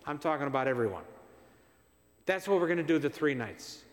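High-voiced priest in a reverberant church. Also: male voice, lively intonation, brisk. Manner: conversational, repeats himself for emphasis, asks the congregation questions. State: tired. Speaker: visiting priest. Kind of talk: parish mission homily.

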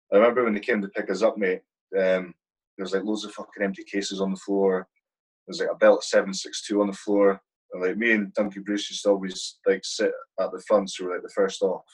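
On poor audio, a man with a low, husky voice recounts his war experiences as an army platoon sergeant in a relaxed interview. Nearly every line has a curse word in it, and "mate" comes up again and again.

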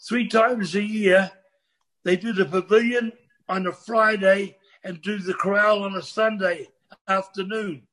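Older NZ guy, high-pitched, casual guest, loose and sweary. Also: fairly even intonation, measured pace, a bit bright. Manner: rambling, restarts, swears freely. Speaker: guest storyteller. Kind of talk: casual storytelling chat.

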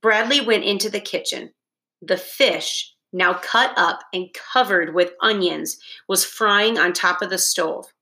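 A woman reading a children's novel aloud with steady, deliberate storytelling. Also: medium pitch. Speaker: reader.

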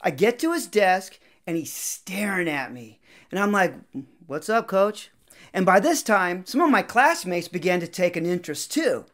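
Brief: young male storyteller, conversational, animated intonation, acts out the dialogue. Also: sits high. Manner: lively, conversational, acts out quotes. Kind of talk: personal story narration.

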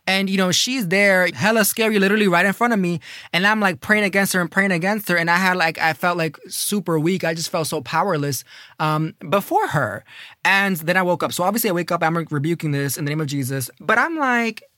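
A young man casually telling a personal story, slangy and animated, with lots of fillers. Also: high voice, a little fast, dry recording, studio quality.

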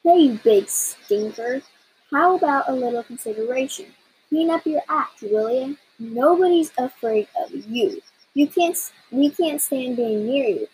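A woman's voice: high voice, expressive, a little slow, darkish tone, husky, full character voice, poor audio. A woman voicing a bossy, brash little female bird who scolds and wisecracks bluntly in a storybook reading. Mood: scolding.

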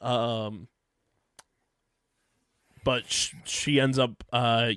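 A man's voice: mid-range voice, a bit bright, clean tone, no echo, clean studio sound. A man co-hosting a podcast, casually recapping episodes with frequent laughs and ums. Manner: laughs often, recaps plot with filler ums. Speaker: podcast co-host. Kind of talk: casual show recap chat.

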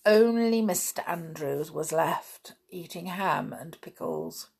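A woman reading a children's novel aloud in a calm, even storytelling manner. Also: on the low side, takes it slowly, creaky, breathy edge. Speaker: audiobook narrator.

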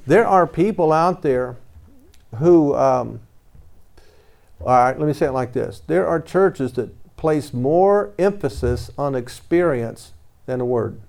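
A man's voice: on the high side, lively intonation, takes it slowly, vocal fry, darkish tone. A man preaching a conversational sermon, telling his own story and reading scripture aloud in old-fashioned wording. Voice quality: reads scripture in King James wording.

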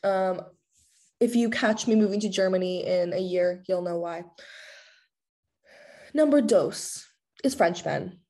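A woman's voice: mid-range voice, takes it slowly, pauses often, mellow. A woman hosting a podcast alone, talking frankly in a candid, chatty, jokey way. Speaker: podcast host. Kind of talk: candid solo chat.

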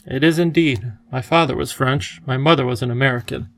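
A man's voice: mid-range voice, fairly quick, fairly bright tone, lightly acted. A man voicing a kindly, eccentric elderly professor who speaks in a cheerful, lecturing way.

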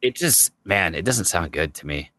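Male co-host, low voice, dry sound, sarcastic quips. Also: animated, moderate pace, pushed and bright, no room sound. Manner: wry, joking asides, drops low when griping. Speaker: podcast co-host. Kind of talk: casual chat.

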